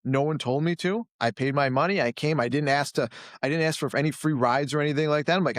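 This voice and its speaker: A man's voice: on the high side, fast, no echo, studio quality. A man who coaches jiu-jitsu and runs a gym, talking in a casual interview, blunt and self-critical, often acting out other people in a raised voice. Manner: animated, acts out quoted people in a raised voice.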